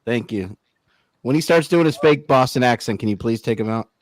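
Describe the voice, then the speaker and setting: A man's voice: mid-range voice, animated, fairly quick, no echo, rough recording. A man in casual podcast banter, teasing and throwing in jokes. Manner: teasing, joking interjections. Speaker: podcast co-host.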